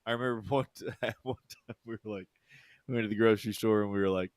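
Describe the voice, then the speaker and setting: A man's voice: lowish voice, fairly even intonation, fast, no echo. Rambling, laughing man in a dry room. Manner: rambling, laughing storyteller with many fillers. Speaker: podcast co-host. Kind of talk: casual chat.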